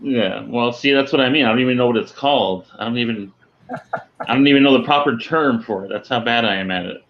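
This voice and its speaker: A man's voice: medium pitch, quick pace, muffled recording. A man chatting casually as a podcast guest, self-mocking and laughing while he talks. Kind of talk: casual chat.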